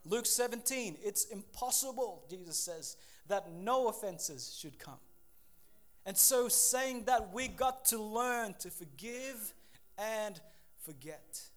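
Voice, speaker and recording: High-voiced man preaching a lively sermon. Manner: animated, acts out quick voices, laughs at himself. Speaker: pastor.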